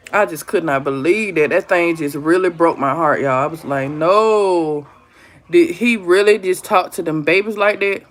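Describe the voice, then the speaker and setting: A woman's voice: on the low side, measured pace. Woman venting in casual chat. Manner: animated storytelling, talks straight to viewers as "y'all". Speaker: live stream host.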